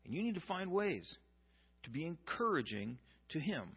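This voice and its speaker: A man's voice: on the high side, sing-song, moderate pace, breathy edge, lo-fi sound. A pastor preaching a sermon, emphatic, repeating his key points and dropping joking asides.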